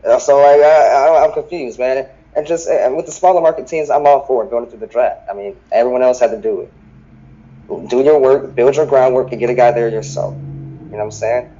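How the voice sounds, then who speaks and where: A man co-hosting a podcast, talking sports in a laid-back, halting way. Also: medium pitch, dark tone, dull audio. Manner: laid-back, halting, often says "you know what I'm saying". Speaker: podcast co-host. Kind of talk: casual sports talk.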